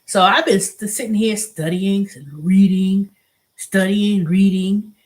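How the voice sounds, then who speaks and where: A woman's voice: mid-range voice, unhurried. Middle-aged woman venting in a casual vlog. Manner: animated venting, acts out quoted voices; restarts and repeats herself. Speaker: show host.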